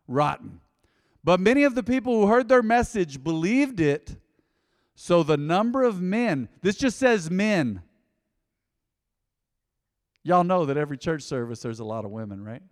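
Animated preacher in echoey church. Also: male voice, high-pitched. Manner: animated preaching, swinging from loud to hushed asides. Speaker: pastor. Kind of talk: sermon. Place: church hall.

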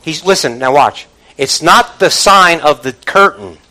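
A man preaching a sermon to a congregation, with call-and-response asides, starting low and building to loud exclamations. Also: lively intonation, a little slow, rough recording. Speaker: pastor.

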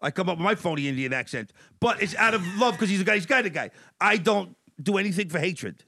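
A man's voice: high voice, expressive, fast talker, creaky, sharp tone, no room sound, clean studio sound. A man talking as a guest on a podcast, blunt and profane, ranting his opinions. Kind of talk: casual podcast chat.

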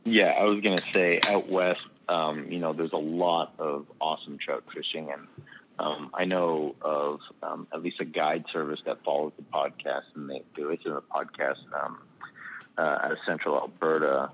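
Male podcast co-host with an extremely deep, gravelly voice. Casual and profane, full of ums, on a dull lo-fi recording. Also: little pitch movement, normal speed. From Canada.

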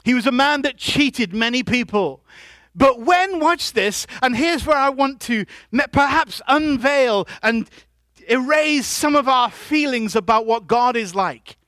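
A male pastor with a very high, bright and forceful voice delivers a sermon in a church. He keeps calling on the congregation to answer back and pushes up to loud, emphatic shouts. The sound is dry and close, with almost no room echo. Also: expressive, unhurried. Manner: preaching with call-and-response to the congregation.

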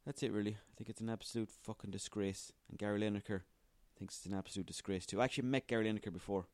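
A man's voice: lowish voice, steady tone, racing, darkish tone. A man hosting a solo comedy podcast, sweary, rambling and self-mocking. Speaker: podcast host.

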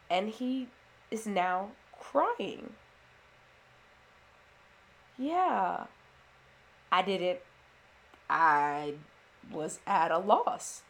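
A woman with a creaky mid-range voice, a mother and former teacher, tells a personal story. She's earnest and reflective, with restarts and fillers along the way.

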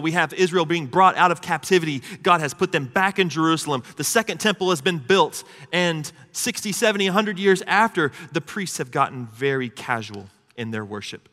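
A man's voice: on the high side, bright, forceful tone. A man preaching a sermon in a conversational manner, with asides to his congregation. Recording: long hall reverb.

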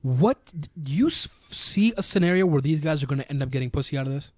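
A married man co-hosting a podcast, talking casually in quick, slangy bursts and firing off questions. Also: on the high side, lively intonation, darkish tone, no echo, clean studio sound. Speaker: podcast co-host. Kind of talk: casual chat.

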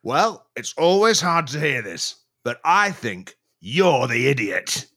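A man's voice: mid-range voice, slow pace, heavily acted. A man playing a blunt, rude dog trainer. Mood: deadpan, blunt. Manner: drawling, deadpan, insulting.

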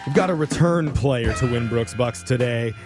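A man's voice: mid-range voice, normal speed, over music, a crowd in the background. A man hosting a radio game show, reading trivia questions in a playful quizmaster manner.

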